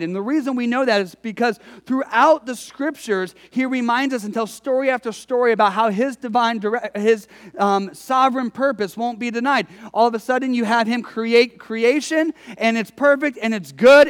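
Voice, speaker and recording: High-voiced male pastor preaching in a hall. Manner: storytelling, emphatic, conversational preaching. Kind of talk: sermon.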